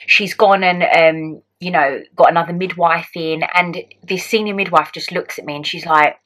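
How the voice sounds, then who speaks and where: A young woman with a fairly low voice talks straight to her viewers. She tells a personal story in an animated, chatty way, dropping "like" into nearly every sentence. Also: normal speed, few pauses, low-quality recording. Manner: animated, heavy use of "like" as filler. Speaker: vlogger.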